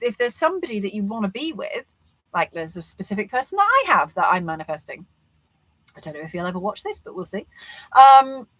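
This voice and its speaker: A woman's voice: medium pitch, a bit bright, dry recording, poor audio. A woman, speaking straight to camera, coaching on manifesting in an earnest, reflective way and asking lots of rhetorical questions. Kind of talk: talking-to-camera motivational vlog.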